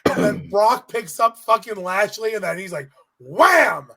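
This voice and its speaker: Brief: male co-host with a high voice, animated and profane storyteller. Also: moderate pace. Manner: animated storytelling, swears freely. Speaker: podcast co-host. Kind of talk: casual chat recapping a wrestling event.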